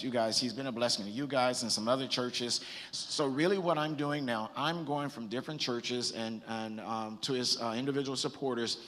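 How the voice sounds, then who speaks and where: A bishop from Southern California delivers a sermon on a church stage, sincere and chatty, often beginning sentences again. The recording is in a hall with lengthy reverb, and his mid-range voice sounds a bit bright.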